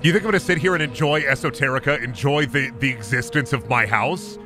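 A man streaming a game, cracking bits, shouting and laughing loudly with game music behind. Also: mid-range voice, brisk. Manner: loud, giggly, rambling bits and shouting. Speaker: gaming streamer. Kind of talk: chaotic gaming stream chat.

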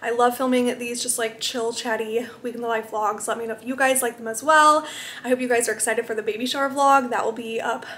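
Breathy pregnant young woman vlogging at home. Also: a little high, fairly even intonation, fairly quick, a bit bright. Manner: bubbly, filler-heavy, talking to camera. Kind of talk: casual chatty vlog. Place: home, indoors. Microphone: camera mic. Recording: echoey room.

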